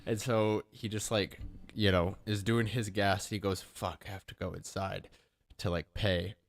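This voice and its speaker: A man's voice: fairly low pitch, little pitch movement, measured pace, gravelly. A young man co-hosting a podcast, animatedly retelling a funny video between laughs. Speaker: podcast co-host. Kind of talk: casual chat.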